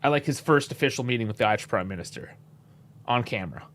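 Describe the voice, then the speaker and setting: Hosting a live match reaction, this Canadian man keeps it relaxed and talkative, with plenty of chuckles and offhand swearing. He speaks fast in an expressive, medium-pitched voice.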